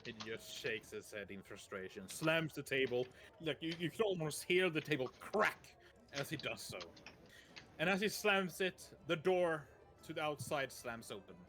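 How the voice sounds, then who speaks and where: A man's voice: a little high, expressive, moderate pace, fairly bright tone, slight background noise. A man narrating as game master, casual and hesitant, with faint background music. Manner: casual, hesitant, many fillers.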